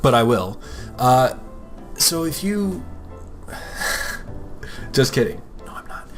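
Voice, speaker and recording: A man's voice: medium pitch, big pitch swings, very slow, fairly bright tone, faint music behind. A young American man talks casually about art and his name as an art podcast host, rambling and joking, often acting out other people's voices. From United States. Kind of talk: casual talk while drawing.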